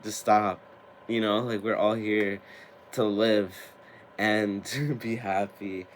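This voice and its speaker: A man in his twenties who hosts a tarot and spiritual channel, talking casually to camera, getting excited, laughing often and swearing now and then. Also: lowish voice, takes it slowly, slight background noise.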